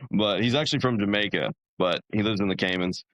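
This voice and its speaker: A man's voice: lowish voice, fairly quick, a bit bright, dry recording, highs cut off. A young man, a podcast guest, telling his story in a casual, rambling way, full of fillers and restarts.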